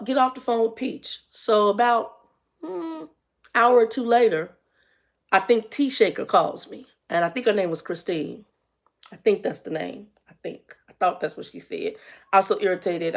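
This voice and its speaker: Woman in her fifties, lively and exasperated storyteller, mid-pitched voice. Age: 50s. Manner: animated and exasperated, acts out dialogue. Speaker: vlogger. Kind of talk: casual storytime vlog.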